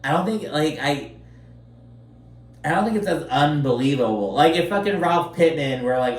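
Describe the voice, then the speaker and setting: A man's voice: fairly high pitch, big pitch swings, a little slow. A man casually recapping a reality show, chatty and sarcastic, full of fillers and swearing. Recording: roomy echo, slightly distant mic, faint background noise.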